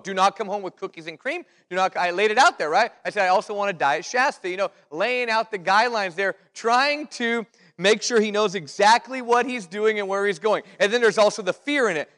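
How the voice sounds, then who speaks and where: Man pastor teaching Bible study, high voice, folksy and conversational, long reverb of a hall. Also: a little fast, fairly bright tone. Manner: folksy, explains with family stories and quoted dialogue.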